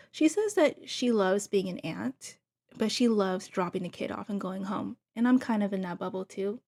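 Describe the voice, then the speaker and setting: Casual female recap host, middle pitch, gossipy and gushing, talks straight to her viewers. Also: a little mellow. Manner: chatty, gushing asides to viewers.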